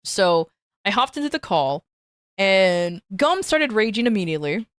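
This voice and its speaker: A woman streamer tells a story to her chat in a casual, animated way, tripping into restarts and repeated words. Her voice sits in an ordinary middle pitch. The sound is dry, with no room echo. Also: unhurried, smooth. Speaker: VTuber streamer.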